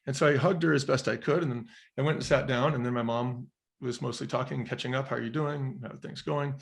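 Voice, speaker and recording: A man's voice: mid-range voice, steady tone, fast, gravelly. A middle-aged man speaks as a podcast guest and tells a personal story. His delivery is earnest and reflective. He slips into the voices of the people he quotes. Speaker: interview guest, former restaurant chain executive.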